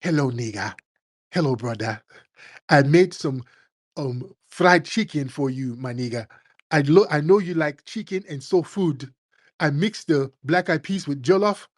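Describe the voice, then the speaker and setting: A man voicing a boastful immigrant man, in high, exaggerated, sing-song mockery. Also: lively intonation, unhurried, no room sound. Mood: fawning. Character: boastful immigrant man mocking and later fawning.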